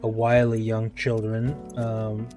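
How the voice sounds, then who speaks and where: A man's voice: on the low side, monotone, takes it slowly, dark tone. A man streaming himself playing a game, talking casually and rambling, often correcting himself mid-sentence. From United States. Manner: rambling, self-correcting, chatty asides. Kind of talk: casual commentary over gameplay. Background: music in the background.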